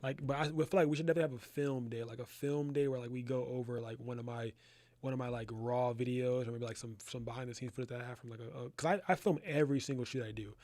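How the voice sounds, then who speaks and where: A young man runs a casual live photography class from his studio, talking fast in a steady, darkish medium-pitched voice. He's loose and rambling, full of slang, and keeps calling his listeners "bro," with no echo on the sound.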